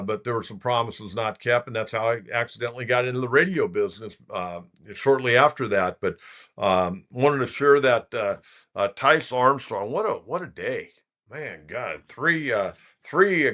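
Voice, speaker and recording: A man's voice: mid-range voice, a bit bright. A man in his sixties from California, hosting a sports talk show in a folksy, rambling way with lots of filler words. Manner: folksy, rambling storyteller with many filler uhs. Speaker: sports radio host.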